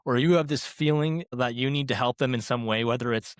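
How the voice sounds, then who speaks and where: A young adult man, a former restaurant training director, tells workplace stories in a casual, animated way, acting out quoted dialogue and leaning on fillers like "like" and "right?". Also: mid-range voice, brisk, smooth, dry recording, studio quality. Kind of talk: casual conversational storytelling.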